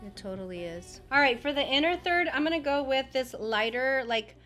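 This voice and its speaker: Woman beauty vlogger, slightly high voice, chatty tutorial tone, faint music underneath. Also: expressive, normal speed, fairly bright tone. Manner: chatty, gushing, full of fillers. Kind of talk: casual makeup tutorial chat.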